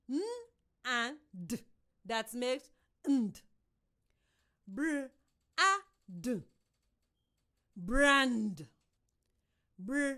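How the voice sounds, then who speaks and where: A woman teacher from Sierra Leone giving a slow, drawn-out primary reading lesson on radio. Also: on the high side, bright, forceful tone. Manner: slow, drawn-out classroom instructions.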